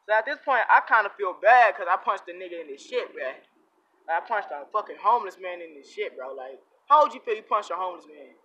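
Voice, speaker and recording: A young man vlogger telling a comic story in heavy slang, animated and full of repeated catchphrases. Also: high voice, low-quality recording.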